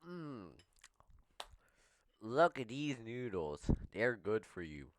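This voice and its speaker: A man hosting a casual eating vlog, talking between bites in a slow, playful way and pushing viewers to subscribe. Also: lowish voice, sing-song. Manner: talks while chewing, slow and playful, begs for subscribers. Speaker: mukbang vlogger.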